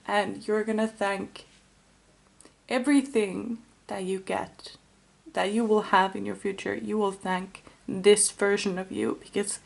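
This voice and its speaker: A woman giving an intuitive tarot reading to camera, gentle and musing, with many fillers and restarts. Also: mid-range voice, level tone, slow, vocal fry, pauses often. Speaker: tarot card reader.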